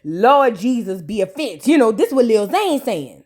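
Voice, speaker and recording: A woman's voice: on the high side, very animated, a little slow, darkish tone. A woman hosting a reaction show, recapping a TV episode in a sassy, joking way. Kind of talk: casual comedic recap.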